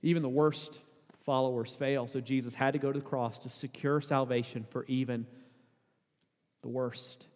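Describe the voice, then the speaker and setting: A man preaching a sermon as pastor, conversational and casual, building to emphatic, louder peaks. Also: medium pitch, level tone, normal speed. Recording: long hall reverb.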